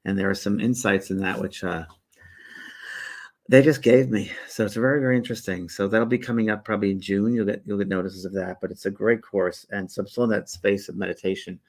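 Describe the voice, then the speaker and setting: A middle-aged man hosting a spiritual livestream, chatting casually and greeting viewers in a relaxed, rambling way. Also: fairly low pitch, fairly quick. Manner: relaxed and rambling, with many fillers and restarts. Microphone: phone or webcam held by the speaker.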